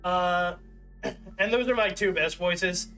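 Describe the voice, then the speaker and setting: A man's voice: high voice, slow pace, pushed and bright, soft background music. A man in his thirties chatting casually on a livestream, rambling and self-deprecating with lots of fillers. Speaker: streamer.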